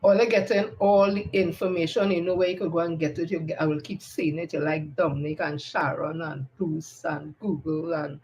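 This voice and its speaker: A woman's voice: deep voice, steady tone, moderate pace, hardly any pauses, darkish tone, slight background noise, rough recording. Blunt Trinidadian woman ranting live. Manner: blunt, combative, repeats points for emphasis. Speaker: political commentator on a live stream. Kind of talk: animated live-stream monologue.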